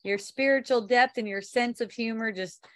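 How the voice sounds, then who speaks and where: Give me a loose, rambling woman talking spirituality, laughing often and swearing casually, a bit high-pitched. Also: moderate pace. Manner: reads viewer comments aloud. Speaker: spiritual teacher hosting an online talk.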